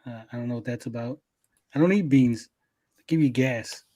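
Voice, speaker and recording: A man's voice: mid-range voice, normal speed, warm tone. A man hosting a casual stream chat, laid-back and reading chat comments aloud with casual swearing. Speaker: podcast host.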